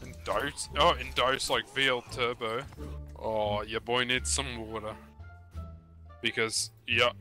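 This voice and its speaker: A man's voice: medium pitch, level tone, slow, sharp tone, faint music behind. A drunk Australian man with hiccups, rambling and swearing in game voice chat. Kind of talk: voice chat while gaming.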